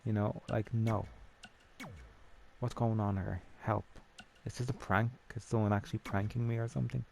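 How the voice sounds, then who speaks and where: A man's voice: lowish voice, level tone, normal speed, creaky, a little mellow, slight background noise. A young Irish man telling a story in a rambling, chatty way with swearing, over a game. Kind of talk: casual storytelling over gameplay.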